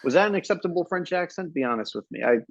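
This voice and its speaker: A man's voice: on the high side, lively intonation, very fast, vocal fry, no room sound. Playful man on a dull, dry mic. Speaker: podcast host. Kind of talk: casual film discussion.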